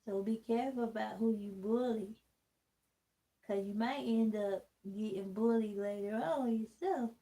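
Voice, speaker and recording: A woman's voice: a little high, a little slow, mellow, rough recording. A woman vlogging casually while taking out her braids, candid and rambling, with a distinctive voice that people comment on. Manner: candid, rambling, talks straight to the camera.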